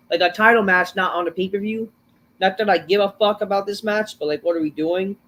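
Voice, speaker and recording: Rambling, profane man reviewing a show. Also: high-pitched. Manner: rambling, profane, full of fillers and restarts. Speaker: show host. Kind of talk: casual wrestling show review.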